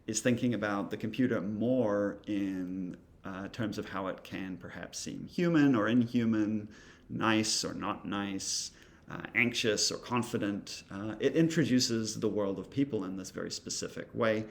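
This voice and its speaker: A man's voice: lowish voice, a little slow, vocal fry. A man giving a casual recorded lesson, thinking aloud with many ums and uhs. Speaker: instructor. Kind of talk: recorded lecture demonstrating software.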